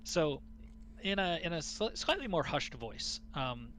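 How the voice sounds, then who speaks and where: A man running a tabletop game who sets the scene for his players in a loose, halting way, pausing often. His voice is bright and sits on the higher side for a man. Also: very animated, a little hiss or hum. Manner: halting, full of fillers and restarts. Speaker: game master.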